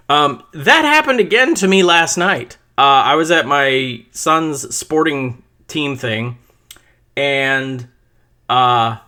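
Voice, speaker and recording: A middle-aged man talks alone on his podcast in a loose, conversational way. His pitch swings widely as he tells a story, his tone is bright and forceful, and he swears freely and often restarts his sentences. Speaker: podcast host. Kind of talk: casual solo podcast monologue.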